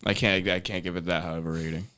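A man's voice: deep voice, little pitch movement, fast, pushed and bright. A man teasing his friends in a casual comedy chat, laughing often. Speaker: podcast panelist.

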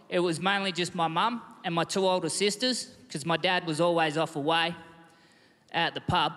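A Western Australian stand-up comedian in his thirties performs a relaxed, self-deprecating set in a large comedy festival theatre. His voice is high, with slight background noise, and the room echoes with a loud crowd.

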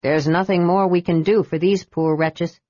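A woman voicing a grim, steady male half-elf leader in a storybook reading, cautious and quiet. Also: fairly low pitch, normal speed, dry recording, natural voice. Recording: dull dry recording.

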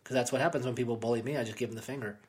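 A man's voice: medium pitch, fairly even intonation, racing. A man co-hosting a podcast, talking casually with a sarcastic, contrarian streak. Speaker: podcast co-host.

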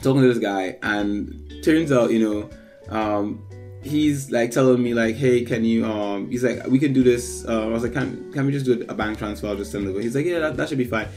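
A man's voice: medium pitch, fairly quick, darkish tone, faint music behind. A man casually telling a long personal anecdote, full of fillers, acting out what others said. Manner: rambling anecdote with many fillers, acts out quoted voices. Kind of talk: casual storytelling chat.

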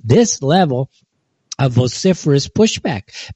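A man hosting an online opinion show, talking in a heated, scornful way, with his voice jumping high when he is indignant. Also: expressive, normal speed, darkish tone, dry recording. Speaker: political commentary host. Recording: dull lo-fi dry recording.

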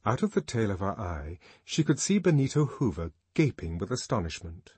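A man reading a novel aloud as audiobook narrator, in an expressive, varied manner. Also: fairly low pitch, normal speed, husky, dry recording.

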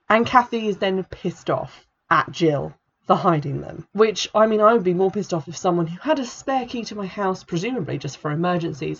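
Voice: mid-range voice, vocal fry, a bit bright, husky, highs cut off. A book reviewer, talking through a novel in a chatty, exasperated way with frequent fillers. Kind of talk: casual spoken book review.

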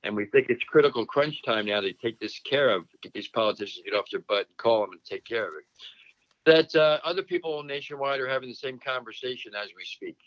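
A man hosts a casual talk show, tossing slang quizzes at his co-hosts and stumbling over his words, restarting and repeating them as he goes. His voice sits in an ordinary middle pitch. The recording is dry and a little dull, as if from a modest mic. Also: brisk, a bit bright, no room sound. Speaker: podcast host quizzing co-hosts. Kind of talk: casual panel chat. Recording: dull, slightly lo-fi dry sound.

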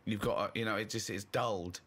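A man's voice: lowish voice, fairly even intonation, fast talker, a bit bright, slight background noise. A man in casual comedic chat, teasing and mocking with incredulous questions. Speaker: podcast co-host.

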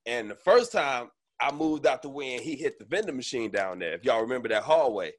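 Man telling stories with lively pitch. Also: fairly quick. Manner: laughing storyteller with restarts. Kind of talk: casual chat. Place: on a video call.

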